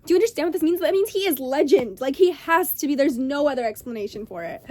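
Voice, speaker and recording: Excitable young woman book vlogger. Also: high-pitched, fast, a little hiss or hum. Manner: excitable, gasping and swearing as she reacts. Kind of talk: casual reading vlog chat.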